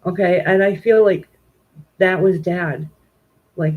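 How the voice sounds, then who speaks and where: A woman's voice: mid-range voice, unhurried, a little mellow, low-quality recording. A woman tarot reader on a live stream, talking straight to her viewers and tearful with grief. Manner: emotional, talks directly to viewers. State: tearful, grieving.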